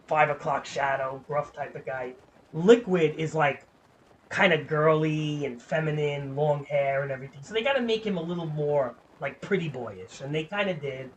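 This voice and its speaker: There's slight hiss or hum under this male streamer's high-leaning voice, which moves at a moderate pace. He talks casually and loosely during his game, swearing without restraint and padding with "like."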